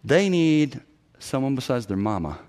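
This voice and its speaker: A middle-aged man preaching a sermon as a pastor, animated, often acting out other people's voices and breaking into sudden loud bursts. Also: mid-range voice, normal speed.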